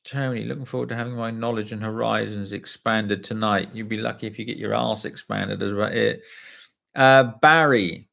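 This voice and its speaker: A man's voice: fairly low pitch, fairly even intonation, normal speed, vocal fry, fairly bright tone. A man hosting a casual livestream, greeting viewers by name, swearing offhandedly, and sounding tired. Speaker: livestream host reading viewer comments. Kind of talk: casual live chat.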